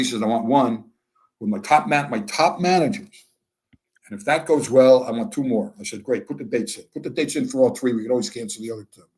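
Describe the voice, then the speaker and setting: An older American man telling candid stories in an interview, acting out both sides of conversations with dry humor. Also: fairly low pitch. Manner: animated, acts out dialogue with a dry wit. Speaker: interview guest. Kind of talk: candid storytelling.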